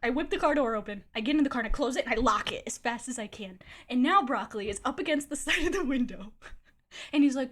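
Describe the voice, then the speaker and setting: A woman streamer telling a wild personal story in a casual, animated way, swearing freely and laughing often. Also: high-pitched, fast talker.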